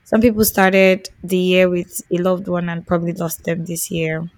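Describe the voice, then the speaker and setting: Nigerian woman, expressive podcast chat. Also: lowish voice, moderate pace, no echo. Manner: expressive, mixes Nigerian Pidgin into English. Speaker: podcast co-host. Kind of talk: casual chat.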